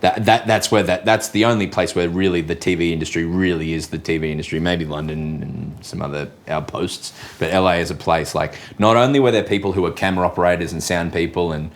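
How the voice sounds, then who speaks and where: An Australian comedian telling a story in casual chat, rambling and swearing freely. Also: male voice, low-pitched, steady tone, fairly quick, hardly any pauses.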